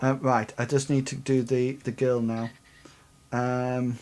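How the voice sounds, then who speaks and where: A game master narrating a tabletop game, halting with lots of fillers and laughter. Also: medium pitch, little pitch movement, darkish tone, slight background noise.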